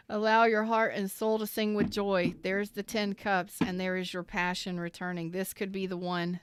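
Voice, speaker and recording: A woman's voice: mid-range voice, little pitch movement, normal speed, hardly any pauses, clean tone, no echo, studio quality. Emotional, earnest woman tarot reader. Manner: earnest, emotional, repeats phrases, near tears. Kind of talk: emotional tarot reading to camera.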